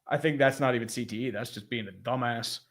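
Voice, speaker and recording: A man's voice: mid-range voice, fast. A man co-hosting a casual sports podcast, wisecracking and reading viewer messages aloud. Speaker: co-host.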